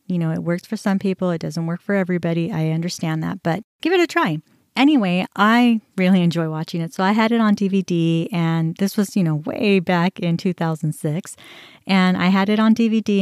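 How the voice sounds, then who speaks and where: A woman's voice: lowish voice, darkish tone, dry recording, studio quality. A middle-aged woman hosting a podcast, telling a personal story in a candid, conversational way with many fillers. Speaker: podcast host.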